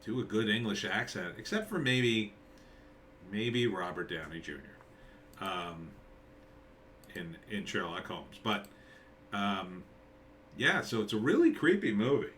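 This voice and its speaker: A man's voice: on the low side, animated, a little slow, long pauses, a bit bright, a little hiss or hum. A middle-aged man, a screenwriter, giving casual rambling commentary on a movie trailer, thinking aloud with many fillers and restarts. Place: at home with a dog nearby.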